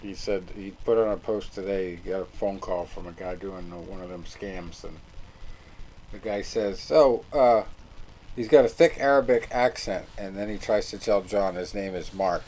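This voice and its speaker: A man with a low voice hosts a podcast in loose, rambling conversation. He laughs easily and swears without fuss. There is faint noise in the background. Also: fairly even intonation, normal speed, darkish tone, poor audio. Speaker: podcast host. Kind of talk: casual chat.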